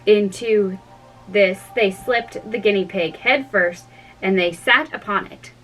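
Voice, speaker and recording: A woman reading a storybook aloud in a measured, explaining manner. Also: medium pitch, fairly bright tone, distant mic, soft background music, low-quality recording. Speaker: reader.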